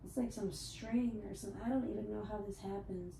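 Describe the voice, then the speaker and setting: A woman's voice: mid-range voice, brisk, creaky. A woman live streamer chatting casually from her home computer room, swearing freely as she talks. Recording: echoey room, mic at a distance, faint hiss.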